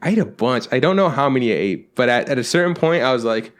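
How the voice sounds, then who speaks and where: Fast-talking man telling rambling stories. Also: medium pitch, lively intonation. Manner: rambling anecdotes with acted-out quotes, swears freely. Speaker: podcast co-host. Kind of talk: casual storytelling chat.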